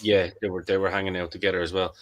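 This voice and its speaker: Bloke, lowish voice, rambling storyteller on a wrestling podcast, keeps restarting. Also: male voice, little pitch movement, very fast. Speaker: podcast co-host. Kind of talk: casual wrestling chat.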